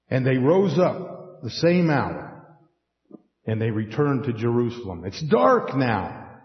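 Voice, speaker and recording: A man preaching a sermon in an animated way, acting out scripture scenes with folksy asides. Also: medium pitch, a little slow. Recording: echoey hall, dull lo-fi sound.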